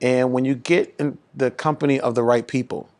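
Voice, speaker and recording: A pastor talking in an animated, preaching-style way, rising in pitch and volume to drive his points home. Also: moderate pace. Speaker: pastor and guest speaker.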